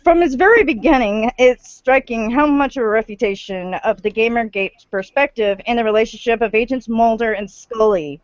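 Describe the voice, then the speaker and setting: A woman's voice: on the high side, moderate pace, few pauses, no echo. Sarcastic woman reading aloud on lo-fi voice chat. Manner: sarcastic asides while reading. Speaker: stream co-host reading an article aloud.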